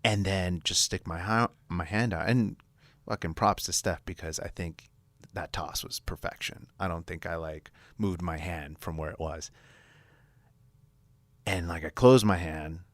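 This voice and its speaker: Low man's voice, hoarse, hungover, excitable storyteller, dry close sound. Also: unhurried, no room sound. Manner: excitable storyteller who acts out quotes, swears freely. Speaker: podcast guest. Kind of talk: casual storytelling.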